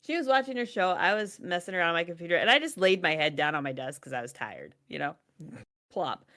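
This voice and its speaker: Woman, thirties, podcast co-host, casual chat, lively swooping pitch, laughs a lot. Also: fast talker. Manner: animated storytelling, laughs often, swears casually.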